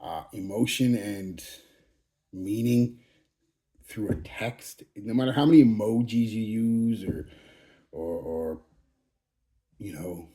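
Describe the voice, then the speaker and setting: A man's voice: on the low side, takes it slowly, pauses often, dark tone. A man in his forties talking casually to his channel, blunt and profane, rambling with frequent restarts. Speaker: fragrance channel host. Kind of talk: casual channel update monologue.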